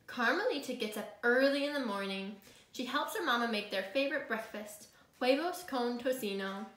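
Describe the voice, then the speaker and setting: Bright-voiced woman teacher reading aloud. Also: a little high. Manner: clear, slow and expressive. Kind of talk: reading a picture book aloud to students. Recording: echoey room.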